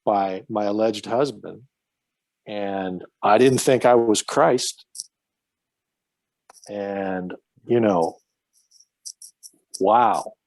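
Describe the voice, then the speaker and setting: A man's voice: lowish voice, very slow, pauses often, a little mellow, no echo. A man telling stories as a podcast guest in casual chat, profane and rambling with many restarts.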